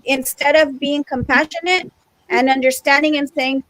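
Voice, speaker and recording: A woman's voice: sits high, steady tone, moderate pace, fairly bright tone, rough recording. A woman teacher speaking in a group meeting, exasperated and emphatic, repeating her points. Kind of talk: frustrated discussion in a group meeting.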